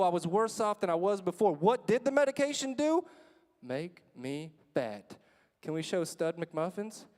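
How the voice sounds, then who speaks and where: A young man giving a comedic motivational speech, telling stories in an animated way full of "like" and "you know" and acting out the scenes. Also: high voice. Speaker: motivational speaker. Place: large conference hall stage. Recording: long reverb of a large hall.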